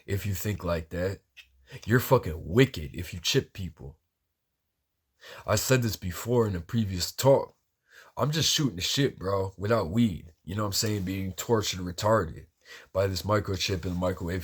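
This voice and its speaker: Man, very low husky voice, agitated profane rambling monologue.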